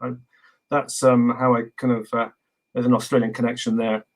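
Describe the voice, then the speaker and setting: A man from England as a guest in a casual video interview, relaxed and rambling with many fillers. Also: mid-range voice, moderate pace, rough recording.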